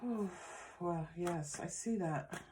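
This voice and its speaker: A woman giving a pick-a-card tarot reading, speaking gently and affirmingly to her viewers, with frequent restarts. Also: lowish voice, slow, a little hiss or hum. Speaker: tarot reader.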